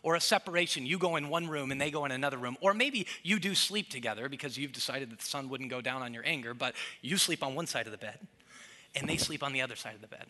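A man, likely in his thirties, preaching a sermon as pastor, building to emphatic peaks and dropping soft to act out little scenes. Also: medium pitch, expressive, fast talker. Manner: preaching with rising emphasis, quoting his toddler in soft voices.

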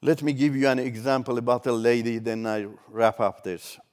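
A man preaching a sermon, swinging between loud emphatic declarations and soft asides. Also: medium pitch, steady tone, moderate pace.

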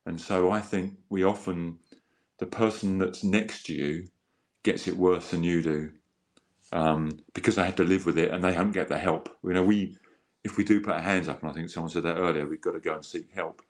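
A man's voice: sits low, steady tone, moderate pace. A man telling his story as a guest in an earnest, rambling way, often restarting sentences and acting out quotes. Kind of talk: candid conversational storytelling.

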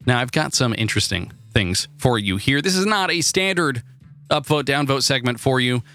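A man with a bright, crisp voice at a middling pitch, hosting a casual podcast with rambling, stammering delivery. He runs the segments and tells stories between laughs, with music faint under him. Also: animated, normal speed. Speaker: podcast host. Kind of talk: casual comedic chat.

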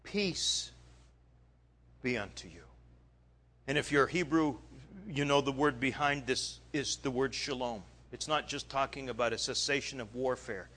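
Bright, animated male preacher. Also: medium pitch, moderate pace. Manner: animated, swings between loud bursts and quiet asides. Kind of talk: sermon, dramatic storytelling.

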